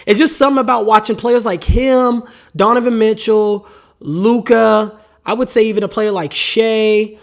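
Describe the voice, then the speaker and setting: A man's voice: high-pitched, steady tone, normal speed. A man hosting a solo sports podcast, talking casually with strong opinions and a rambling, repetitive way of speaking, while he has the hiccups. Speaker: podcast host.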